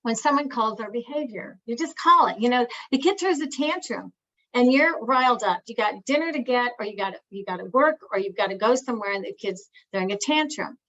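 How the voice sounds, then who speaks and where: A woman's voice: on the high side, expressive, a little fast, fairly bright tone, highs cut off. A woman family therapist giving an educational talk, speaking earnestly with frequent restarts and acting out things a parent might say. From Italian family. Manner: earnest, repeats words and restarts, acts out parent phrases.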